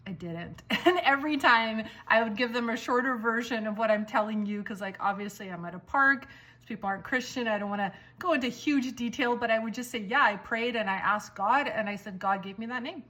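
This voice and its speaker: A middle-aged woman telling a personal story casually at home, acting out the lines of others as she goes. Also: mid-range voice. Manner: animated, acts out quoted dialogue. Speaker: vlogger. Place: at home, walking around the house.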